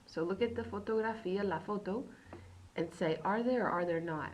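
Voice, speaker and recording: A woman teaching beginner Spanish in a recorded lesson. She repeats words slowly and keeps checking in with "okay". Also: mid-range voice, a little mellow, lo-fi sound, a little hiss or hum.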